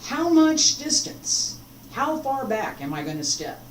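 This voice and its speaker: A woman teaching a martial arts form, talking slowly and stopping to demonstrate moves. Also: high-pitched, big pitch swings, slight background noise. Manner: unhurried, breaks off mid-demonstration. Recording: echoey room, mic far off.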